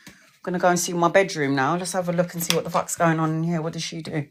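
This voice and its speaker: A woman's voice: lowish voice, lively intonation, normal speed, a bit bright. A woman, ranting casually to her viewers, swearing freely and laughing often as she acts out what others said. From United Kingdom. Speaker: tarot livestreamer.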